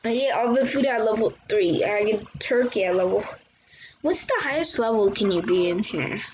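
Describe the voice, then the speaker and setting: A woman's voice: medium pitch, lively intonation, normal speed, darkish tone. A woman chatting casually and exclaiming as she hosts gameplay commentary for her channel. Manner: chatty, exclaiming and reacting to the game. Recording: muffled lo-fi recording with faint hiss.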